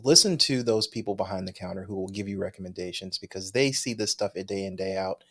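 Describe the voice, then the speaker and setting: A podcast co-host with a low, slightly bright voice reads listener mail a little fast in a chatty, casual way. He laughs often and lets sentences trail off midway.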